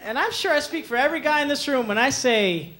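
A young man doing a stand-up comedy set on a club stage, animated, slipping into quick voices for the people he quotes, with audience laughter behind him. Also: extremely high pitch, a little hiss or hum. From Mexican heritage. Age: young adult. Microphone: handheld stage mic.

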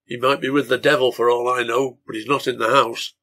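A man's voice: mid-range voice, level tone, brisk, sharp tone. A man reading aloud voices a hesitant barkeeper who answers a hostile crowd defensively. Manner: guarded, defensive.

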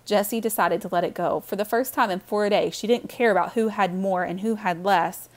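A woman reading a children's novel aloud with warm, expressive storytelling. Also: medium pitch, brisk. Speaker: audiobook reader.

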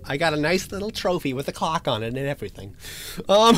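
A man playing a horror game for his channel, joking and taunting the monster he's hiding from, with sudden yells and laughs. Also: a little high, sing-song, a little fast, a little hiss or hum. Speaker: gaming channel host. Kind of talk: let's play commentary.

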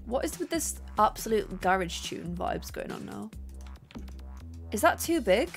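A young woman streaming a building game, chatting casually and excitedly thanking her viewers. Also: mid-range voice, unhurried, vocal fry. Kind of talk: casual gameplay livestream chat. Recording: faint music behind.

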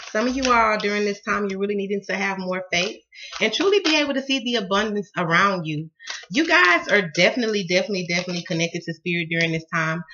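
A woman's voice: mid-range voice, highs cut off, a little hiss or hum. A woman with a Southern American accent giving a casual tarot reading, laughing often and cussing freely as she tells stories. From Southern United States. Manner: laughs often, cusses, lively storyteller. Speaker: tarot card reader.

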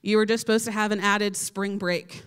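A young woman giving a casual youth sermon, talking in a relaxed way with many "like" fillers. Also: medium pitch, moderate pace, clear, resonant tone. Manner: casual, filler-heavy with frequent "like". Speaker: youth speaker. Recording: reverberant hall.

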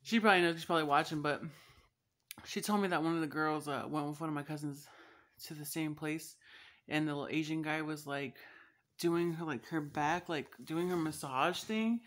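A woman's voice: low voice, normal speed. A young woman telling a story to her viewers in a casual vlog, cursing freely and laughing often. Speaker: vlogger.

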